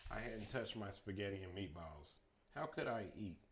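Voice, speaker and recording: In a voice on the low side and at a moderate pace, a man reads a children's chapter book for bedtime. He tells the story steadily but brings more life to the quotes.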